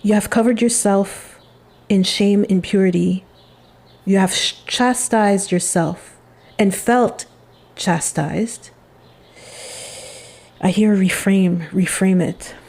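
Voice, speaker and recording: A woman giving a channeled spiritual reading, speaking in a soft, meditative, halting way. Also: medium pitch.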